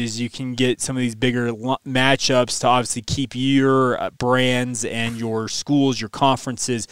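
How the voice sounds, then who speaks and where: Smooth-voiced, measured podcast man. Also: mid-range voice, no room sound. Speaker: podcast co-host. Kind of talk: casual sports podcast chat.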